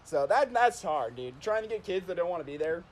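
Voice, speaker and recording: A man's voice: high-pitched, sing-song, brisk, slight background noise. A man chatting on a stream, telling stories in a rambling way, with lots of "like" and laughing at himself. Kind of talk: casual storytelling chat.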